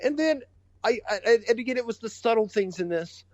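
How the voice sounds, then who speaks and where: A man's voice: extremely high pitch, fairly quick, dry recording, dull audio. A man co-hosting a casual podcast, swearing freely and laughing as he retells funny moments. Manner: excitable, swears a lot, laughs while retelling. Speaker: podcast co-host. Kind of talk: casual profane chat.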